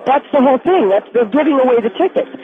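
A man's voice: extremely high pitch, lively intonation, fast, crowd noise, pitched above the performer's own voice. Man doing a woman caller on a tinny phone line. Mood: patient. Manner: patient, explaining. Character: calm, reasoning woman caller, middle-aged.

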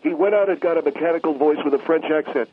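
A man's voice: fairly high pitch, fast talker, breathy edge. A male caller arguing heatedly on a radio show, interrupting and repeating himself. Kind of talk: heated radio call-in argument. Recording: tinny phone line.

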